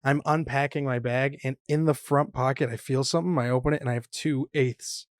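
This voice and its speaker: A man's voice: mid-range voice, fairly even intonation, fairly quick, dry recording, studio quality. A man hosting a podcast, chatting casually, telling stories and chiming in with jokes. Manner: loose, joking storyteller who chimes in with quips. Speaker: podcast host. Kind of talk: casual chat.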